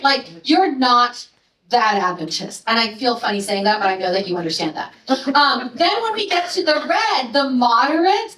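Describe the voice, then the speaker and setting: A high-voiced woman gives a lecture on her research, talking in a chatty, playful way and tossing in quick asides. She sounds a little distant from the mic, and the hall around her is echoey. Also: fairly bright tone. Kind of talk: presenting research to an audience.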